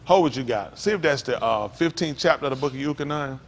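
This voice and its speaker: Preaching pastor with speech. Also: male voice, medium pitch, lively intonation, vocal fry, a little hiss or hum. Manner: call-and-response preaching, rising to emphatic exclaims; reads scripture aloud slowly between comments. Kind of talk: sermon.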